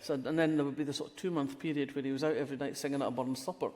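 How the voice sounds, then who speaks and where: A woman's voice: extremely low pitch, steady tone, racing, darkish tone. A woman in her sixties from Fife with a polished Scottish accent, a guest telling wry stories in a live stage conversation, with frequent restarts. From Fife, Scotland. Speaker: guest crime writer. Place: festival hall stage. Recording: long hall reverb, festival stage.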